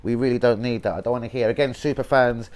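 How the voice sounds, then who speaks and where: A man's voice: medium pitch, fairly even intonation, fast talker, a little mellow. A young man with a London accent, hosting a fan channel livestream as a blunt, sweary rant full of slang. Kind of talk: casual football rant livestream.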